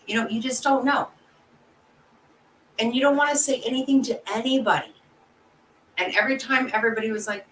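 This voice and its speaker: A woman's voice: a little high, moderate pace, fairly bright tone. A woman host chatting casually with her viewers, blunt and emotional, swearing freely as she answers their comments. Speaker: channel host. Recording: roomy echo, distant from the mic, faint background noise.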